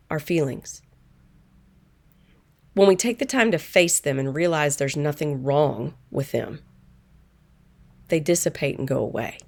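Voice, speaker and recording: A middle-aged woman who works as a manifestation coach, telling a personal story in a calm, earnest and reflective way. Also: on the low side.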